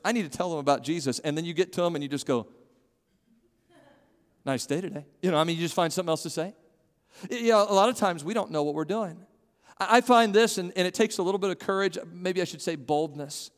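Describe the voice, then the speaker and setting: Earnest preaching man in echoing hall. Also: high-pitched. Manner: earnest, conversational preaching with wide swings in loudness. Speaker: pastor. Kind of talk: sermon. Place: church sanctuary. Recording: long reverb of a church hall.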